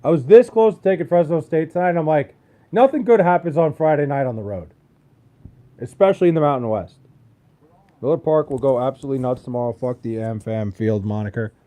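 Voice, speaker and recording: Young male streamer, slightly high voice, casual, swears often, weary banter with chat. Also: fairly quick, warm tone. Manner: loose, profane, joking banter with chat. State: tired. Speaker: livestreamer. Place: at home in Wisconsin.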